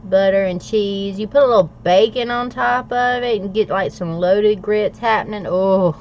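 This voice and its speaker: A middle-aged woman, chatting casually on a livestream, playful and quick to laugh as she answers viewer comments. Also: medium pitch, darkish tone, a little hiss or hum. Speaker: livestream host. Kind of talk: casual livestream chat while journaling. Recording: slightly dull lo-fi audio.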